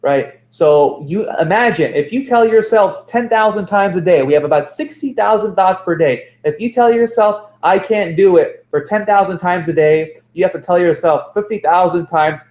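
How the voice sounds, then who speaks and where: A self-help speaker gives a motivational talk on positive thinking in an echoey room. He has a high-pitched, darkish voice and talks at normal speed with few pauses, repeating phrases for emphasis and correcting himself.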